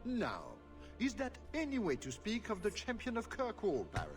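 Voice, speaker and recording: A man's voice: sits high, huge pitch swings, moderate pace, faint music behind. A man playing a sly, mocking nobleman in video game dialogue. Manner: silky, mocking, laughs at others. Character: smug scheming nobleman, amused and sly.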